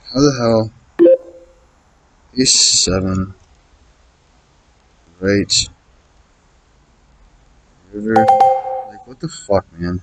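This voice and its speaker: This streaming online poker player has a low, slightly bright voice and talks slowly with long pauses over a rough recording. Casually thinking aloud, he mutters his reads on each hand and curses, exasperated, at his opponents' plays.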